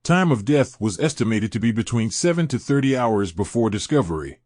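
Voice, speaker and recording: A man giving a scripted, dramatic true crime narration in a measured storytelling delivery. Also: medium pitch, expressive, a little mellow, dry recording, studio quality.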